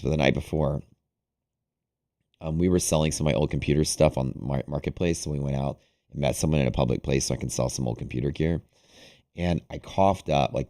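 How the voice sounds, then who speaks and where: A young man hosting a livestream, casually telling a long story to his audience, rambling and animated with lots of "like". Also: very deep voice, creaky. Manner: rambling, animated, heavy use of "like". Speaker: day-trading livestream host.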